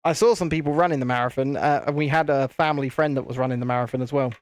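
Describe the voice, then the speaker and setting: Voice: mid-range voice, rapid-fire, dry recording. A host chatting casually on a live stream while building, rambling and repeating phrases.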